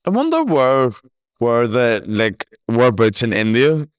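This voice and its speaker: A man's voice: medium pitch, measured pace, no room sound, clean studio sound. Laughing, swearing male podcast host. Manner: animated storyteller who swears freely and laughs often. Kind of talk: casual chat.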